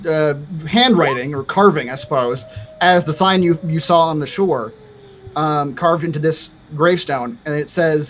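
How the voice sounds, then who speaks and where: A man's voice: fairly high pitch, moderate pace, fairly bright tone, slight background noise. A man running a tabletop game as game master, narrating with frequent hesitations.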